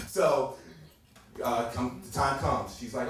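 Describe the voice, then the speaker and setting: A man's voice: mid-range voice, very animated, measured pace, background noise. A man telling a comic story at a live show, acting out voices and laughing often. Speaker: stand-up storyteller. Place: small live venue stage. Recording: roomy live stage from far off with crowd. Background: audience laughing.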